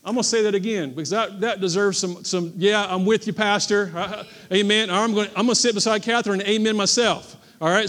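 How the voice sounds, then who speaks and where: A man's voice: high-pitched, steady tone, fast, few pauses, fairly bright tone. A male pastor preaching a sermon at a church service, repeating key phrases with emphasis and calling on the congregation to respond.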